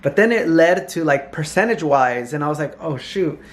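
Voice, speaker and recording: A young man from California chatting casually to his phone camera in a hotel, animated and laughing often. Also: on the high side, a little fast. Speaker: vlogger. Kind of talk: casual vlog chat to camera.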